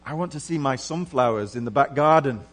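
A middle-aged man preaching a sermon earnestly, moving between hushed and emphatic passages. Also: medium pitch, a little fast. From England.

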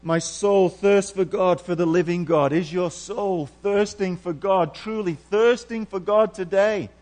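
A middle-aged man preaching a sermon earnestly, moving between hushed and emphatic passages. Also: high voice, measured pace. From England.

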